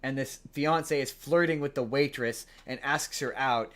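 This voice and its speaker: A man hosting a podcast, casually retelling a film plot in a rambling, animated way. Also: medium pitch, unhurried. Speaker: podcast host. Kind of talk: casual chat.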